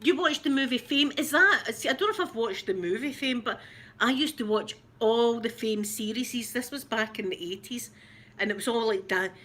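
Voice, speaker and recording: A woman's voice: a little high, moderate pace, sharp tone. A middle-aged Scottish woman hosting a livestream, chatting in a rambling way and greeting viewers by name. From Scotland. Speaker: ASMR livestream host. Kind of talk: casual livestream chat.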